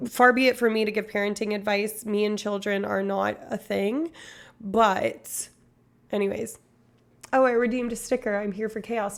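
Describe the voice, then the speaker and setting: A woman's voice: mid-range voice, steady tone, normal speed, gravelly. A woman streamer in rambling, casual live-stream chat, swearing now and then.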